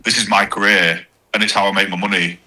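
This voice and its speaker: A man's voice: fairly low pitch, flat delivery, fast talker, sharp tone, rough recording. A man talking as a podcast guest, casual and self-mocking, with frequent swearing. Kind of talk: casual chat.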